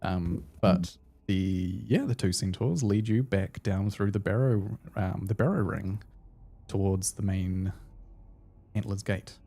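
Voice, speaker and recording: A man narrating a tabletop game as game master in a relaxed, rambling way, with plenty of fillers. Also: deep voice, slow, vocal fry.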